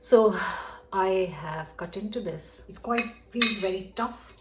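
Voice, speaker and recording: A middle-aged woman talks through a recipe in her home kitchen, chatty and frank. Her voice sits at an ordinary pitch, and the kitchen gives it a roomy echo. Faint clatter of dishes can be heard behind her. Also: slow, background noise. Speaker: cooking vlogger. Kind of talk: chatty cooking vlog, talking while cooking.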